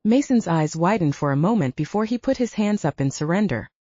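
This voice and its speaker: A woman narrating a romance audiobook in first person, with a steady scripted reading. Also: lowish voice, fairly quick, no room sound. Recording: dry, dull lo-fi sound.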